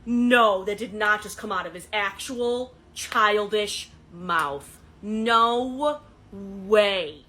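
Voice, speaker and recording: A woman's voice: mid-range voice, drawn-out words, bright, forceful tone, low-quality recording. A young woman telling a dating story to her phone camera in a casual, dramatic, sarcastic way. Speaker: dating content creator.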